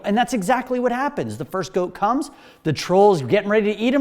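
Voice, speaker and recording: Lively pastor with an animated voice. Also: male voice, sits high, a little fast. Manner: enthusiastic, storytelling. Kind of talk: sermon.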